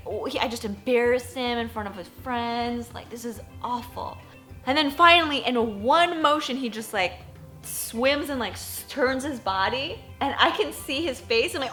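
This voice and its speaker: Bright, high-voiced woman telling a story. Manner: animated storytelling with lots of "like", acting out her own reactions. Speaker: poker journalist and vlogger. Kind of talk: storytime vlog.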